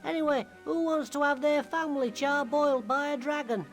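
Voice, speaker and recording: Brief: plain-spoken country peasant, high and chatty, faint music behind. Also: female voice, fairly even intonation, a little fast. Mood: matter-of-fact. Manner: folksy, matter-of-fact, chatty. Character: blunt rustic peasant woman.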